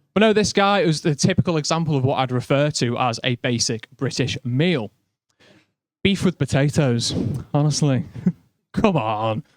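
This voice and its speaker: A man's voice: mid-range voice, moderate pace, no room sound. A young man with a Liverpool accent doing a stand-up comedy set in a chatty, self-mocking way.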